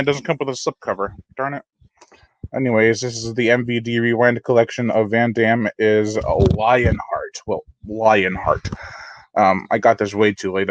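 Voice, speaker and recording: A man's voice: fairly low pitch, dry recording, low-quality recording. Rambling man hosting a live unboxing. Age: adult. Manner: rambling and self-deprecating, with chuckles and restarts. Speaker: horror channel host. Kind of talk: casual live unboxing chat.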